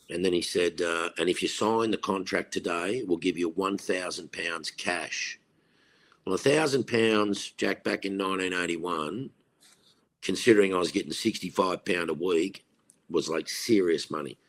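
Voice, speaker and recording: A low-pitched Australian man in his sixties, once a cricketer, shares spirited stories as a podcast guest. He mimics the voices of everyone he quotes.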